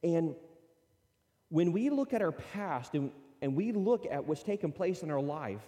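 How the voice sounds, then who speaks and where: A man's voice: fairly high pitch, sing-song, unhurried, mellow. A man preaching a sermon as pastor, conversational, acting out imagined prayers and objections. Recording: long reverb of a large hall.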